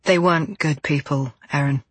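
A woman reading an audiobook, voicing a terse, shaken adult male diver who answers in flat, clipped replies. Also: deep voice, moderate pace, slightly rough, no room sound. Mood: grim. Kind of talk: audiobook character voice.

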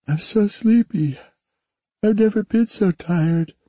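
Guy voicing a drowsy scared little girl, pitched way up, kinda husky underneath. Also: slow pace, mellow, dry recording, full character voice. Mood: drowsy, uneasy. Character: sleepy frightened young girl.

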